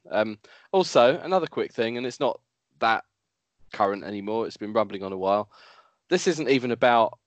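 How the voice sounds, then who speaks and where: A man with a fairly low voice hosts a casual podcast and wanders from topic to topic as he talks. His close mic gives a very dry sound. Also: dry recording, dull audio. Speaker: podcast host.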